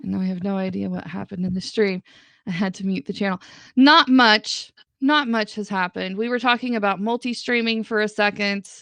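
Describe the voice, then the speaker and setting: A woman guest chatting on a live stream, hedging her points and laughing often. Her voice has a gravelly fry at a middle pitch. The sound is dry and close. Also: normal speed, a bit bright, no room sound. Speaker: co-host guest. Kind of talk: casual chat.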